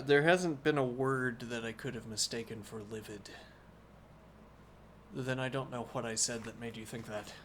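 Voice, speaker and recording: A man reading a classic novel aloud as a bedtime story on a live stream, pausing now and then for unhurried, musing asides to his viewers. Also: mid-range voice, slight background noise.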